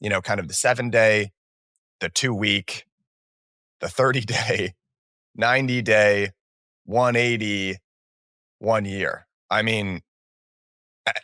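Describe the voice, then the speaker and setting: A man co-hosting a podcast, talking in a relaxed, meandering way with many restarts. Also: fairly low pitch, takes it slowly, long pauses, no room sound, studio quality. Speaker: podcast co-host. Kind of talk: casual market talk.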